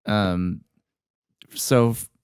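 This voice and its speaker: Low, smooth-voiced young man. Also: steady tone, no room sound, studio quality. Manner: hesitant, restarts often, measured opinions. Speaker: podcast co-host. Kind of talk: casual chat.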